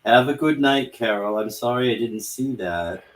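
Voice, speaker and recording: A man's voice: mid-range voice, moderate pace. A man co-hosting a casual livestream chat, playfully reading viewer messages aloud. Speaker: co-host.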